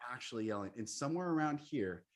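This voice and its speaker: A man's voice: medium pitch, expressive, fast talker, slight background noise. Earnest man coaching over a call. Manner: earnest, emphatic, laughs while explaining. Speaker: coach and retreat leader. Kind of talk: interview conversation.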